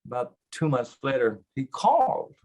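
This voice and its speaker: A man's voice: mid-range voice, big pitch swings, moderate pace, a little mellow. A man in his eighties, a guest actor, telling rambling wry anecdotes in a casual interview. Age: 80s. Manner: many fillers and restarts.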